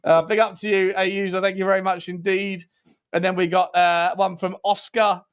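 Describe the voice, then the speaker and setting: A man's voice: high voice, flat delivery, moderate pace, clear, resonant tone. A man hosting a casual live-stream football chat, joking and reading out viewer messages. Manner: chatty, jokey, reads out viewer messages. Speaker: podcast host.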